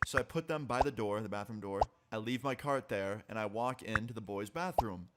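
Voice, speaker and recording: A young man telling a casual, animated story on a live stream, swearing freely. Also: fairly low pitch, fairly quick. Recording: loud background noise.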